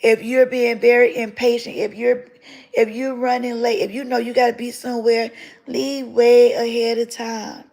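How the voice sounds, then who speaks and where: A woman's voice: fairly high pitch, level tone, moderate pace, vocal fry, darkish tone, poor audio. A woman on a livestream giving an emotional spoken testimony, fervent and repeating phrases for emphasis. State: tearful at times. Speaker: livestream host sharing her testimony.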